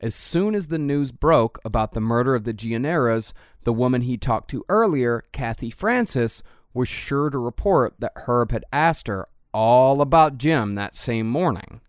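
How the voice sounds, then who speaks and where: A man's voice: medium pitch, expressive, unhurried, no room sound, studio quality. A man hosting a true crime podcast, narrating the case bluntly with profane asides. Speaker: podcast host.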